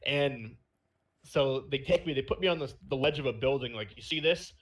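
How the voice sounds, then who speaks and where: A man's voice: mid-range voice, moderate pace. A young man hosting a podcast, casually telling a rambling story with lots of fillers. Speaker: podcast host. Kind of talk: casual chat.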